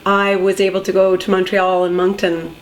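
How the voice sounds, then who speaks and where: A woman hosting an interview show, telling stories in a casual, animated way. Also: on the low side, moderate pace. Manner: warm storytelling, animated quoting. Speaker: podcast host.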